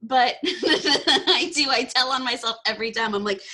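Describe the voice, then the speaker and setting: A woman's voice: high-pitched, normal speed, few pauses, a little hiss or hum. A young woman from Texas, hosting a casual podcast chat and laughing often. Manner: bubbly, laughs often, excitable. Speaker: podcast host.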